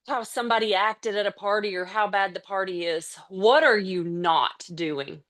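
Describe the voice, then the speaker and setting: Excitable, chatty woman trainer. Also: mid-range voice. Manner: excitable and energetic, gets out of breath from excitement; chatty, with casual slips and restarts. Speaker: team trainer on a business call. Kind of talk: motivational training talk.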